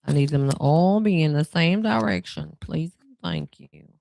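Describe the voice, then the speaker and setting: A tarot reader with a New Orleans accent, talking casually and directly to the viewer with relaxed, drawn-out phrasing. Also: medium pitch, creaky, background noise. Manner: reassuring, speaks straight to the viewer. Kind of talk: casual spiritual card reading.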